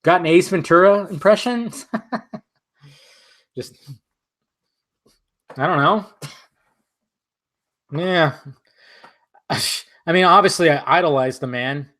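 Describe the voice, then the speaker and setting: A man's voice: a little high, slow, pauses often, fairly bright tone. A young man in a casual live stream who answers chat in a loose, profane way and laughs often, at home in front of a green screen.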